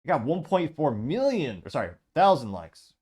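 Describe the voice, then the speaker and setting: A man's voice: fairly high pitch, very animated, normal speed, darkish tone, slightly rough. A man hosting a political commentary show, reading social media replies aloud with sarcastic, wry asides. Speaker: podcast host.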